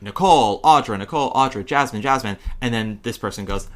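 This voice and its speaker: A man hosting a podcast, telling gossipy stories in animated casual chat with quick laughs. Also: medium pitch. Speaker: podcast host.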